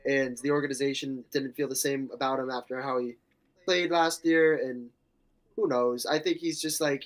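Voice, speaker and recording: A man's voice: medium pitch, fairly even intonation, moderate pace. A young man co-hosting a casual sports chat, laid-back and joking. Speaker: podcast co-host.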